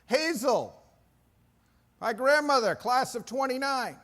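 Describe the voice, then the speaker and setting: High-voiced excitable keynote man. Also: unhurried, some chatter behind. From Maine, USA. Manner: excitable, self-deprecating storyteller. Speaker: keynote speaker. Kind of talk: energetic keynote speech. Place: large conference hall.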